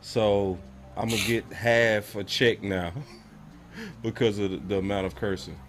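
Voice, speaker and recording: Low-voiced casual livestream host. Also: male voice, unhurried, a little hiss or hum. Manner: casual, addresses viewers directly. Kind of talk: live show chat.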